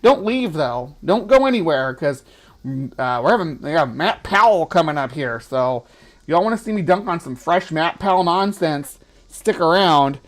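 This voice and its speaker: A man's voice: a little high, animated, moderate pace. A man hosting a casual livestream, chatty and playful, often laughing. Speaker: livestream host.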